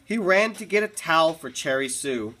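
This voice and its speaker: Low, lively teacher reading to a class. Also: female voice, moderate pace. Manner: chatty asides, laughs easily. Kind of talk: reading a picture book aloud to a class.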